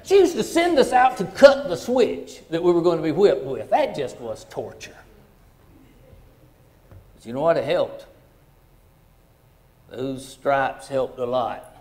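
Folksy preacher, fairly high voice. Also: male voice, sing-song, measured pace, pauses often. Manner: folksy, heartfelt, swings from hushed to loud. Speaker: pastor. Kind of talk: sermon storytelling.

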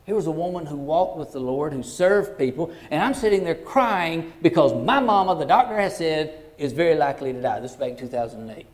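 A middle-aged man, a pastor telling a personal story in a sermon in a folksy, heartfelt way that swings from hushed to loud. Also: fairly high pitch, animated, fairly quick, hardly any pauses.

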